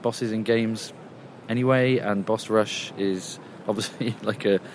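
A man's voice: fairly low pitch, fairly even intonation, a little slow, slight background noise. A man casually reporting from a games convention, rambling and chatty, recorded outdoors. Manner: rambling and chatty, with many fillers. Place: quieter outdoor area at a convention.

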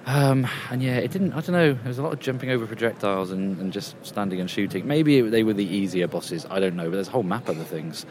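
A man's voice: on the low side, fast talker, few pauses, darkish tone, a little hiss or hum. A man casually reporting from a games convention, rambling and chatty, recorded outdoors. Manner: rambling and chatty, with many fillers. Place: quieter outdoor area at a convention.

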